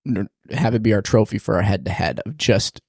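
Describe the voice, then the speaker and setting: A man hosting a casual podcast in a small studio, upbeat and jokey, talking in quick bursts. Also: lowish voice, gravelly, slightly rough, no echo. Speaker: podcast host.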